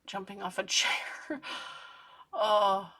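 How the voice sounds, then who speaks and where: A woman in her thirties, host of a coloring channel, chatting softly late at night while coloring, sometimes dropping into a whisper. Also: mid-range voice, extremely slow. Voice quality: gravelly, husky voice. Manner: soft-spoken, drifting into whispers at times.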